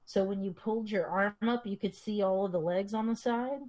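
A woman's voice: mid-range voice, a little fast, a little mellow. A young woman co-hosting a podcast, telling stories in a rambling way, swearing freely and laughing often. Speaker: podcast co-host. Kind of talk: casual chat.

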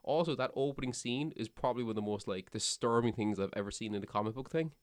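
A man's voice: mid-range voice, fast talker. A man with a Cork Irish accent, chatting casually as a podcast co-host and rambling through many fillers and restarts. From Ireland. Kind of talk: casual chat.

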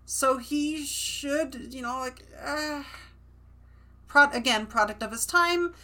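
A woman's voice: high-pitched, takes it slowly, pushed and bright. A woman from the United States co-hosting a casual book discussion podcast, chatty and full of "like" and restarts. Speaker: podcast co-host.

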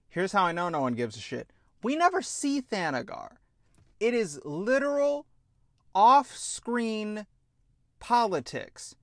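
A man delivers an exasperated, sarcastic rant packed with swearing. He talks slowly and leans on his words. The sound is close and dry, with no room echo. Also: high-pitched, sing-song, fairly bright tone. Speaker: show host. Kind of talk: ranting TV review.

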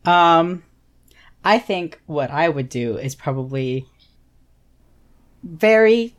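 A woman's voice: deep voice, animated, takes it slowly. A woman playing a tabletop game, casual and hesitant, thinking aloud. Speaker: player.

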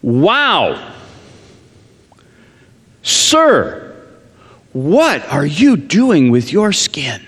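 A man voicing a flattering, pushy young male cosmetics salesman, heard in an echoey hall. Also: fairly high pitch, very slow, pauses often, slightly rough, voice pushed up, heavily acted. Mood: eager. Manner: eager, flattering sales patter.

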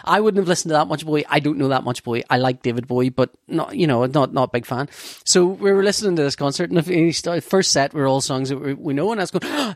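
A man telling an animated story in casual chat, laughing and swearing freely. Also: on the high side, quick pace, dry recording, clean studio sound.

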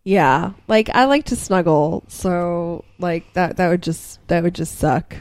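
A woman's voice: on the low side, slow, a little mellow. A woman co-hosting a podcast in casual chat, giggly and full of "like" fillers. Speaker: podcast co-host.

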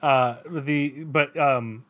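A man's voice: medium pitch, steady tone, extremely slow. Hesitant, filler-heavy man. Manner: hesitant, many fillers, dry jokes. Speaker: podcast co-host. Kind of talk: casual film review chat.

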